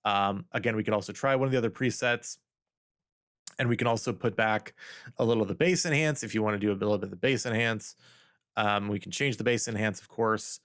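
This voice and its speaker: A man's voice: on the low side, a little fast, a bit bright. Playful man testing his mic. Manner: playful, silly repeated test phrases. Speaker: streamer. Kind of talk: casual mic test chat. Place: home streaming setup. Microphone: studio desk mic. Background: music playing.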